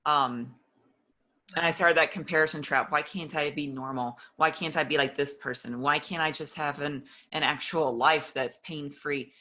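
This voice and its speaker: Woman with a sharp, bright voice. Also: low-pitched, fairly even intonation, moderate pace. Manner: earnest, openly emotional, re-enacts past conversations. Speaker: interview guest. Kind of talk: personal testimony in an interview.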